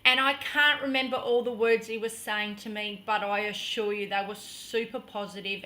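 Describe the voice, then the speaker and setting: A middle-aged woman vlogger telling a personal story in an earnest, dramatic way, sometimes dropping to a hush. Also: mid-range voice, steady tone, moderate pace, hardly any pauses. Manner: earnest, dramatic storytelling that drops to hushed tones.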